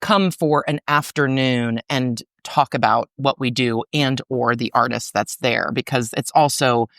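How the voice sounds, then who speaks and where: A middle-aged woman talking as a podcast guest about her arts organization, in a chatty, animated way full of fillers. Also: rumbling low, measured pace, no echo, clean studio sound. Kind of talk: casual interview conversation.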